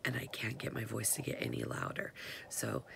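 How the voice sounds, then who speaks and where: Hoarse, gravelly older woman. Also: very deep voice, very animated, normal speed, a bit bright, a little hiss or hum. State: hoarse, half-whispering voice. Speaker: vlogger. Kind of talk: casual chat to followers. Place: at home in the morning.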